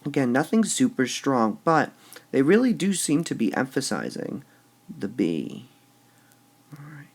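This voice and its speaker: A man explains poetic meter at an unhurried pace, with a gravelly edge to his voice. His pitch moves a lot as he sounds out each stressed syllable, and he drops to a quiet mutter while he works through an example. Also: very animated. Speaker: teacher. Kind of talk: screen-recorded lesson on poetic meter.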